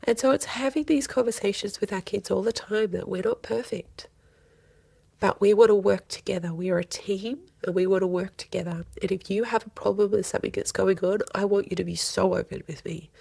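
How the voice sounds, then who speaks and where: A woman's voice: mid-range voice, fairly even intonation, brisk, vocal fry, warm tone, husky, no echo. A woman, a counselor speaking earnestly in a podcast interview and often voicing quoted speech. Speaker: family and child counselor, guest. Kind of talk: podcast interview, casual advice.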